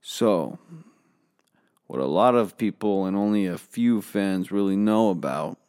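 A man's voice: low-pitched, lively intonation, unhurried, darkish tone, clean tone. A man telling a comedic story in a boastful, rambling way, swearing freely.

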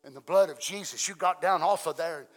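A man preaching a sermon in a folksy way, asking the congregation many questions and swinging between loud exclamations and soft asides. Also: on the high side, a little fast.

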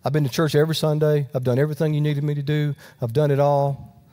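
A man's voice: flat delivery, fast, dark tone, close to an everyday voice. A man voicing a resentful, indignant older brother in a retold Bible story. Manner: indignant, complaining, raised pitch.

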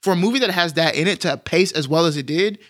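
Bright-voiced Texan man chatting. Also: a little high, quick pace. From Texas. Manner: animated, joking, slangy. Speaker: podcast co-host. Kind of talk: casual chat.

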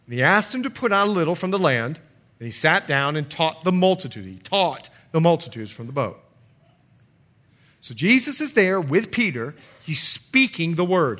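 Animated high-voiced male pastor preaching. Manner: animated storytelling, acting out quoted voices. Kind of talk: sermon.

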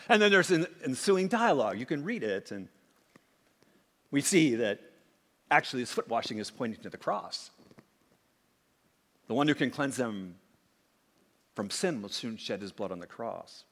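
A man preaching a sermon, swinging from emphatic acted-out quotes to hushed asides. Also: fairly high pitch, animated, normal speed. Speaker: pastor. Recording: long hall reverb.

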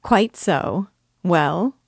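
A playful young girl full of eager, teasing questions, as a woman reads her part. The voice sits low and is recorded close and dry. Her lines are lively and a little impatient. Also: extremely slow, vocal fry, breathy edge, dry recording, full character voice. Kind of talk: audiobook character reading.

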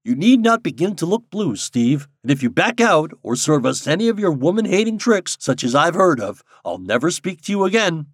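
A man voicing a hearty, bossy older gentleman who teases and boasts loudly. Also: very animated, normal speed, hardly any pauses, no room sound, studio quality. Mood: jovial. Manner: booming, boastful, teasing.

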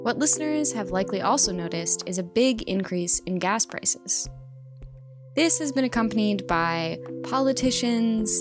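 A woman presenting a scripted news commentary in a measured, explanatory way. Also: medium pitch.

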